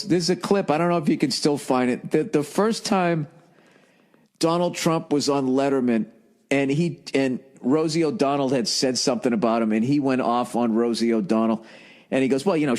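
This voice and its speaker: Profane, ranting man on a podcast. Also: mid-range voice. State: jet lagged. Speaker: podcast host.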